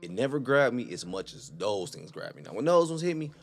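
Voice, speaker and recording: A man's voice: mid-range voice, big pitch swings, brisk. A young man hosting a casual reaction video, chatting in laid-back slang and calling the listener dog.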